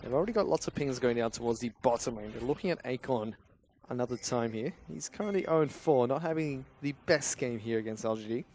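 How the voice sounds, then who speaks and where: A man giving rapid, excitable play-by-play commentary on an esports match. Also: mid-range voice, slight background noise. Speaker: esports caster.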